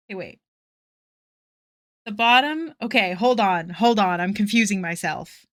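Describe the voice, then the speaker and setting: A young woman with a fairly high voice chats to her viewers while she draws, bubbly and quick to poke fun at herself. She gushes over what people send her. The sound is dry and close, from a desk mic. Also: animated, dry recording. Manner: bubbly, self-deprecating, gushing. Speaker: streamer. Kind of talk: casual live-stream chat while drawing.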